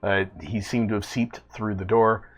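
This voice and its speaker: A man narrating as game master of a tabletop role-playing game, in a halting, filler-heavy way. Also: fairly low pitch, little pitch movement.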